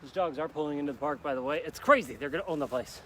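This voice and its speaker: A man's voice: fairly high pitch, very fast, sharp tone, a little hiss or hum. Upbeat, breathless male workout coach. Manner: upbeat, urging viewers on with countdowns. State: out of breath, sweating. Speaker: fitness instructor. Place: outdoors in a park on grass.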